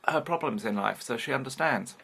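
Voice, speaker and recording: A man's voice: mid-range voice, animated, a little fast, creaky, sharp tone, husky. A British man in his fifties talking frankly in a rambling personal vlog, swearing casually as he goes. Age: 50s. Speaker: vlogger. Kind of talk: candid personal vlog monologue.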